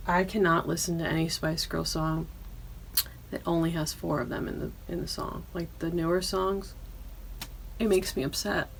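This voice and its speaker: A woman hosting her own podcast in casual chat, loud and profane, often bursting into yelling. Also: fairly low pitch, creaky, slight background noise. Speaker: podcast host.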